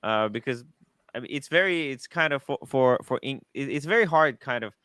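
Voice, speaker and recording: A man's voice: medium pitch, expressive, brisk, sharp tone, dry recording, clean studio sound. A man hosting a casual chat show, agreeable and reading out viewer donations. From raised partly in the United States. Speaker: host.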